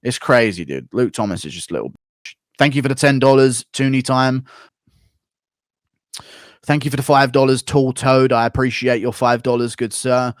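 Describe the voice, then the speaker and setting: An American man hosts a livestream and reacts to chat in a blunt, profane rant. His voice sits in a middle pitch. The recording is dry and close. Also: moderate pace, long pauses, no room sound. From United States. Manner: profane, opinionated ranting. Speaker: streamer host. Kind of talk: livestream commentary, reading donations.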